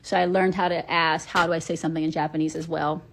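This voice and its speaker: A woman from Atlanta, Georgia, hosts a casual live stream, talking straight into her phone. Her voice sits a little low, and her tone stays chatty and playful, with plenty of filler ums between her thoughts. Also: flat delivery, fast, creaky, a bit bright, a little hiss or hum.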